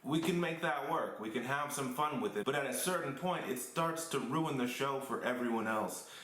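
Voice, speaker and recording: A man's voice: medium pitch, normal speed, roomy sound, slight background noise, rough recording. A man, a stand-up comedian and show host, narrating a voice-over commentary in a blunt, candid storytelling manner.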